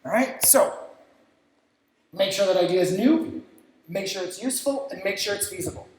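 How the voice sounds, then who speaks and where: A man speaking at a creative industry event, giving lively stage lessons and acting out what clients say and think. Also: sits high, normal speed, slight background noise. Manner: energetic, acts out clients' reactions, casual swearing. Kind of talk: stage talk with practical lessons. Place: event stage in a large, echoey venue. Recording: very echoey hall sound.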